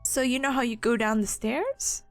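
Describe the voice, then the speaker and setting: A young woman with a hoarse, fading voice, reviewing study notes for her stream in a bubbly, giggly, chatty way. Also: on the high side, normal speed, soft background music.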